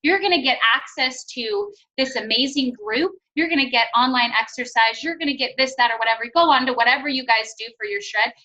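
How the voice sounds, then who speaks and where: A woman with a high, bright, forceful voice coaches her sales team over a conference call. She talks with upbeat enthusiasm and acts out little sales dialogues. The sound is muffled and lo-fi. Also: fairly quick, hardly any pauses. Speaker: network marketing team trainer.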